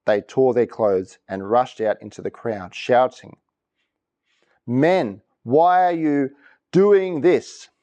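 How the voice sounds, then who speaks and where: A man's voice: mid-range voice, slow. A man preaching a sermon, reading verses and quizzing the congregation for reactions. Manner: lively, asks congregation for reactions. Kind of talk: interactive sermon. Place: church.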